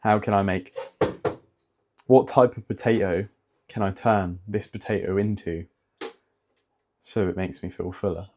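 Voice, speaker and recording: A man's voice: deep voice, steady tone, unhurried, pauses often, darkish tone, a little hiss or hum. A young man in casual vlog chat, rambling with many fillers and swearing, a fitness vlogger.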